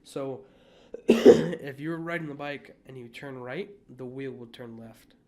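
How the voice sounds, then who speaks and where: A man's voice: medium pitch, a little slow, mellow, a little hiss or hum. A young man from the United States, co-hosting a podcast in casual chat, rambling with lots of fillers and restarts. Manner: rambling, many fillers and restarts, coughs now and then. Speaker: podcast co-host.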